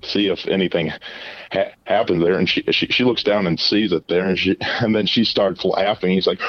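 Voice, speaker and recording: A man calling in to a podcast, telling a personal story in a halting way full of fillers and repeated words. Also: low voice, no room sound, dull audio. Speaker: caller. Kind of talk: casual confessional storytelling. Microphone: phone call.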